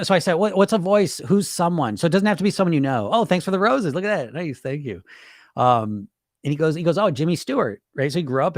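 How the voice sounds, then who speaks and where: A man's voice: on the high side, dry recording, clean studio sound. Casual man coaching on weight loss. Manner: conversational, laughs often, acts out voices. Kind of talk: casual talk.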